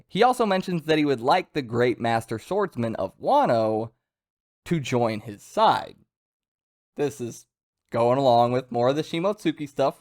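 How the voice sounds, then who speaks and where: A man's voice: mid-range voice, a little mellow. Male manga reviewer, mid-range voice, casual, eager, filler-heavy recap delivery. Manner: chatty, enthusiastic, many fillers and restarts. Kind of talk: casual spoken chapter review.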